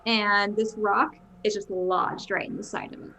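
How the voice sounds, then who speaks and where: A woman's voice: medium pitch, little pitch movement, normal speed, sharp tone, slight background noise. Woman narrating as a game master. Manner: descriptive with frequent fillers and self-corrections. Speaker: dungeon master.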